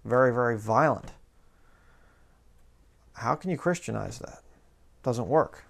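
A man's voice: medium pitch, lively intonation, measured pace, gravelly. A man, a pastor, giving a sarcastic, conversational commentary like a sermon and reading passages aloud.

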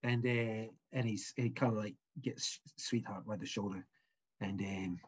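A man narrating as game master of a tabletop game, halting, with many fillers and restarts. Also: lowish voice, fairly even intonation, breathy edge.

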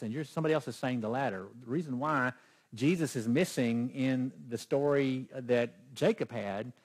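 Male pastor, husky timbre, emphatic sermon delivery. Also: medium pitch. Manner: emphatic, questions the congregation.

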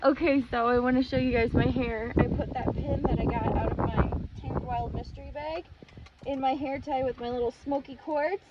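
Woman vlogger, high bright voice, gushing casual chat, outdoors on a phone, steady background noise. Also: normal speed, muffled recording. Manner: gushing, bubbly. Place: outdoors at a rural crossroads.

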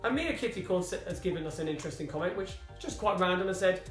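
A man's voice: sits high, animated, very fast. A British man in a family vlog, casually reading comments aloud with dry, teasing humour. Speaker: family vlogger. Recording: echoey room, faint music.

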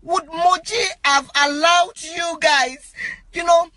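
A crying woman records an appeal on her phone from inside a car, her very high, piercing voice leaping up and down as she pleads. She keeps breaking into shouts and repeating herself. The sound is close and dry, with no room echo. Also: steady tone, takes it slowly. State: crying, distraught. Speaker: actress. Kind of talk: emotional self-recorded appeal.

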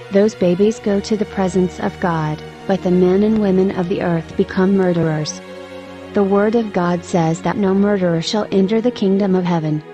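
A woman's voice: medium pitch, mellow. Earnest woman narrating a testimony. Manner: earnest, emotional storytelling. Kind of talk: scripted narration.

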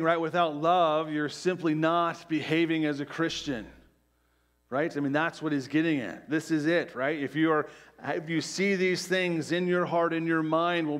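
A middle-aged male pastor preaching a conversational sermon, peppered with "right?" asides and dropping to a soft hush on key phrases. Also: a little high. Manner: drops to quiet, soft emphasis on key phrases.

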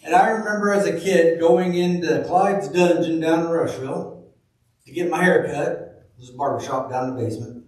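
A man preaching a sermon in a church, reading scripture slowly and telling folksy stories. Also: fairly high pitch, a little mellow. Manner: folksy storytelling, slow deliberate reading of scripture. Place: church sanctuary. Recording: very echoey room, from far off.

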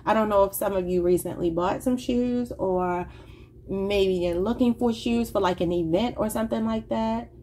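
A woman talking through a tarot reading in a casual, rambling way, often thinking out loud and addressing her viewers as y'all. Her voice is mellow and soft-edged, with a middling pitch. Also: moderate pace, slight background noise. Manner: informal, says y'all. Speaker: tarot reader.

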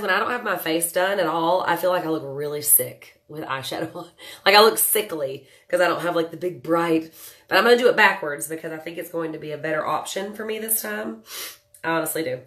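A woman's voice: low voice, fairly quick, fairly bright tone. A woman vlogger talking casually to her viewers as she does her eye makeup. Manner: chatty, talks to viewers while working. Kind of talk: casual makeup tutorial chat.

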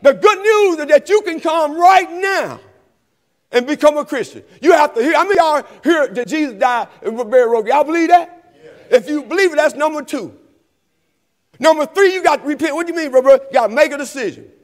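Preacher man, real high voice, call and response, big church reverb. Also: lively intonation, fairly quick. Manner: call-and-response, rising to shouts. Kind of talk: sermon invitation. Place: church sanctuary. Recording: long reverb of a church hall.

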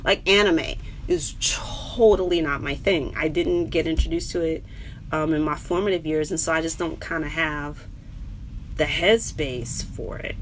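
A woman with a New York accent, a stand-up comedian chatting casually with viewers on her own live stream, animated, with her voice jumping high when she gets excited. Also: a little slow, slight background noise. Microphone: webcam or phone on a live stream.

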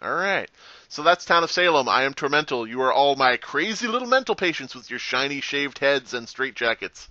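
A man hosting a gaming channel, talking over his own play with sarcastic asides and a lot of swearing. His voice is bright and leaps around in pitch. The sound is close and dry, with a slightly dull, muffled top end. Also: a little fast, no room sound. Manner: sarcastic, swearing, animated reactions. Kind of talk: gameplay commentary.

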